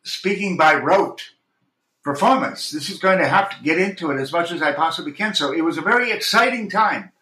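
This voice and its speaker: A man's voice: fairly high pitch, lively intonation, fairly quick, bright, forceful tone. Intense, earnest man in an echoey room. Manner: intense, earnest, with many restarts. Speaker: actor and audiobook narrator, guest. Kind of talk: reflective interview talk.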